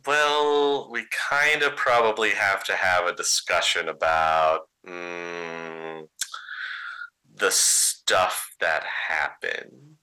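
A man's voice: deep voice, very slow, pushed and bright, clear, resonant tone, exaggerated voice, low-quality recording. A man voicing a nervous, shaky-voiced man on the phone who stammers and hesitates.

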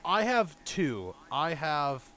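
A man's voice: fairly high pitch, sing-song, takes it slowly, bright, forceful tone, a little hiss or hum. A man hosting a podcast in casual chat, upbeat and introducing the segments. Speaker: podcast host.

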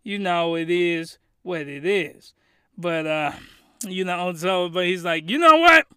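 Young guy ranting hyped about a show, bright voice, dead dry room. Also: sits high, steady tone, takes it slowly, smooth, no echo. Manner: rambling, hyped, crude jokes, many restarts. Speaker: anime reviewer. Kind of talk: comedic review vlog.

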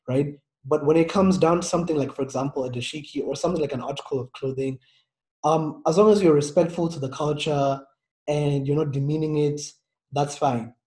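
A man's voice: on the high side, dark tone. A man from Africa talking earnestly in a casual discussion, reflective and full of fillers.

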